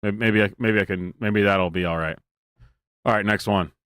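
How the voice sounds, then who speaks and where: A man's voice: on the low side, steady tone, normal speed, fairly bright tone, no room sound, clean studio sound. A man hosting a stream, giving casual, joking and sarcastic reaction commentary with many restarts. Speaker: streamer host.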